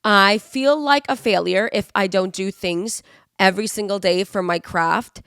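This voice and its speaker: A flu-stricken woman in her 20s talks a little slowly through a casual solo podcast, giving rambling, earnest motivational advice full of fillers. Her medium-pitched voice is clear, resonant and a bit bright, with clean studio sound and no room sound.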